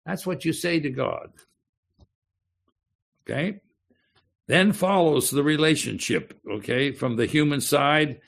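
A man delivers a sermon at an unhurried, measured pace. His voice sits a little higher than most men's. He explains each point carefully and keeps checking that his listeners are following. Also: gravelly, a bit bright. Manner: slow, deliberate teaching with frequent "okay?" check-ins. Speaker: pastor.

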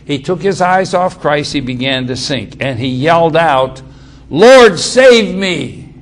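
A man's voice: on the high side, normal speed. A man preaching a Bible-teaching sermon, emphatic and repetitive, often restarting his phrases.

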